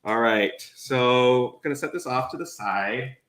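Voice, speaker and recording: A man's voice: medium pitch, measured pace, roomy sound, noisy background. A man co-hosting a live cooking stream, chatting casually and walking through each step as he cooks in a home kitchen. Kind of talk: casual chat while cooking.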